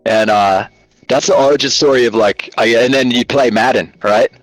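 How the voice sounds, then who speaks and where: A man's voice: medium pitch, normal speed, dry recording, poor audio. A man with an Australian accent, a guest telling rambling, joking stories in a casual interview over a call. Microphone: video call.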